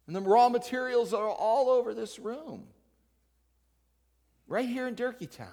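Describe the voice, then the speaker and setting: A man's voice: very high voice, expressive, measured pace, warm tone. A man preaching a sermon as pastor, in a conversational style, joking with and addressing members of the congregation by name. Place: church sanctuary. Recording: long hall reverb.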